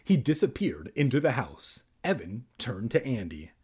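Husky young man reading aloud. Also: mid-range voice, sing-song, moderate pace, warm tone. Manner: joking asides. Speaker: reader. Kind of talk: comedic read-aloud of a children's horror book.

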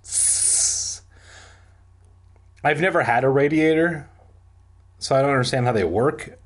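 A man's voice: medium pitch, brisk. A man from San Diego reading a book aloud for comedy, breaking off into rambling, joking asides. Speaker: reader and comedian.

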